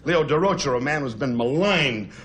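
A man's voice: medium pitch, lively intonation, fairly bright tone. A man from Brooklyn, firing off brash roast jokes on a noisy 1970s TV broadcast with an audience. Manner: brash, rapid-fire wisecracking. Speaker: comedian roaster.

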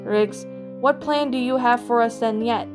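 A frantic, motherly bear, her voice pitched high and strained with panic as she frets about her family, as a woman storyteller puts her on. The pitch climbs well above a normal speaking voice and pushes a little louder. It is a spoken storybook read over faint background music. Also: a little slow, lightly acted. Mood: hysterical. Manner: shrill, panicky, on the edge of tears.

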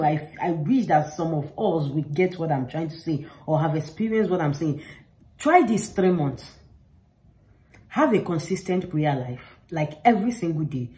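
A woman's voice: on the low side, darkish tone, low-quality recording. A woman talking straight to the camera, giving earnest, informal faith advice and repeating herself for emphasis. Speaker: faith vlogger.

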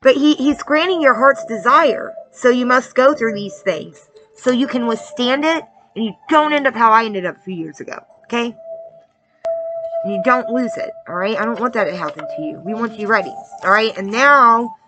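Over music, a woman delivers a spiritual card-reading message in a casual preaching style, earnest, confiding and testimonial. She keeps checking in with "all right?" and "okay?", her slightly high voice lively in intonation at a moderate pace.

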